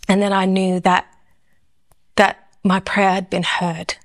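A woman tells her personal story of faith in a lively storytelling way. She often slips into quoting her own past thoughts, which makes the telling vivid. Her voice sits at an ordinary middle pitch for a woman. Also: takes it slowly.

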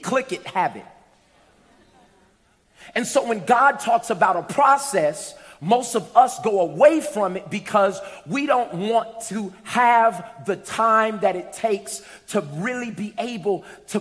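A man preaching a sermon in a church, animated and humorous, pulling the congregation in with questions. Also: sits high. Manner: animated, humorous, call-and-response. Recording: echoey hall.

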